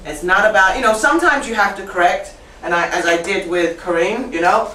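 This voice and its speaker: Lively woman teaching in an echoey classroom. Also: fairly low pitch, normal speed, few pauses. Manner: lively, repeats and corrects students. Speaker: teacher trainer. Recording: echoey classroom from far off with faint noise.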